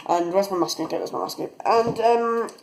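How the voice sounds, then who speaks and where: A man's voice: high voice, brisk, gravelly, poor audio. A teenage young man chatting casually while building a model rocket, rambling as he works, recorded on a phone camera. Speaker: hobby rocketry vlogger.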